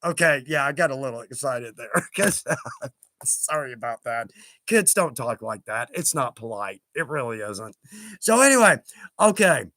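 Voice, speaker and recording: A man's voice: medium pitch, sing-song, normal speed, sharp tone, no echo, studio quality. A man hosting a casual livestream, reading out viewer comments in a chatty, self-deprecating way and laughing often.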